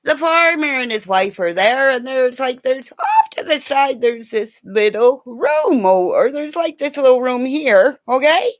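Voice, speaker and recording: An older woman with grandchildren, telling funny home stories in a casual, animated way, laughing often and swearing now and then. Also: high-pitched, unhurried, hardly any pauses. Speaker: vlogger. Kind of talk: casual storytelling.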